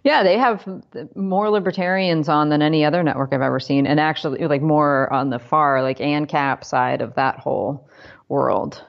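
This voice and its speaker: A woman with a fairly low voice talks through the news in a chatty, sarcastic way and keeps dropping dry asides. The podcast audio is dull and lo-fi, missing some sparkle. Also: normal speed, creaky. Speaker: podcast co-host. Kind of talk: casual political chat.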